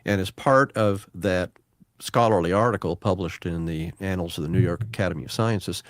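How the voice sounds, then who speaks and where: A man who researches near-death experiences, explaining his survey findings in a measured, methodical way. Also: low voice, no echo, clean studio sound. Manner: measured, methodical, cites studies.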